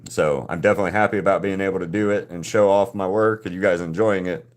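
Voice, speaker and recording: A man with a low, steady voice hosts a live drawing stream and chats casually with his viewers. His speech is halting, full of restarted sentences and repeated words.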